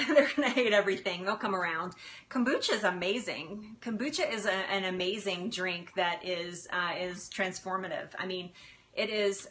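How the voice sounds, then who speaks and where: A woman's voice: on the low side, bright, forceful tone, slight background noise. A woman health coach chatting on a live stream from her home kitchen on a phone, laughing often and easily moved as she answers viewers.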